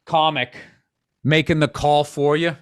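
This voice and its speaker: A comedian in his fifties with a voice a little higher than most men's. He talks bluntly and swears often, wandering off into asides as he chats. The recording is close and dry, from a studio podcast mic. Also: little pitch movement, unhurried, smooth, no room sound. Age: 50s. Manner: blunt and profane, rambling asides. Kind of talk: casual podcast chat.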